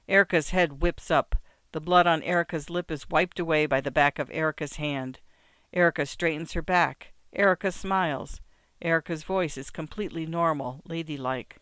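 A man narrating an audiobook in a measured, wry storytelling manner. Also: a little high, a bit bright, smooth, dry recording. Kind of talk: scripted narration.

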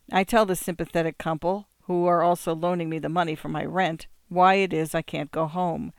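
A measured, reflective narrator reading literary fiction aloud. The voice is smooth and resonant, recorded on a close studio mic with a completely dry sound. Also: mid-range voice, no room sound. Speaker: audiobook narrator.

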